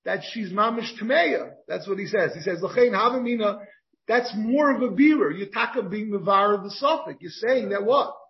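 A man's voice: high voice, normal speed. A rabbi teaching a Talmud class, thinking aloud and posing rhetorical questions as he works through the text. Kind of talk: Talmud lecture. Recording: dull lo-fi recording.

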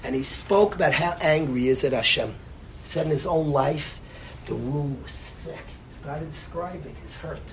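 A man giving an impassioned sermon as a rabbi. He swings between loud emphasis and soft, hushed phrases, and repeats lines for stress. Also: on the high side, moderate pace, a little hiss or hum, low-quality recording.

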